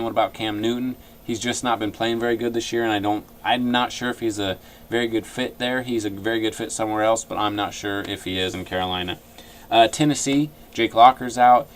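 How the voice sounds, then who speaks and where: A man's voice: mid-range voice, a little hiss or hum. A man vlogging his fantasy sports opinions in a casual, rambling monologue full of fillers.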